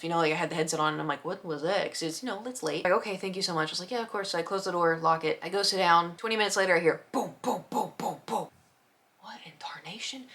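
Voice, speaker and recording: A young woman casually telling a neighbor story, acting out quotes and sound effects in a chatty, animated way. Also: on the low side.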